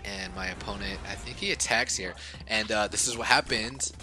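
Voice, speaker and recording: A man giving casual commentary over a game he recorded, muttering at times and then bursting out loud, and a little short of breath. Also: on the low side, normal speed, soft background music. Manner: excitable, swings from mumbling to outbursts. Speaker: gaming YouTuber.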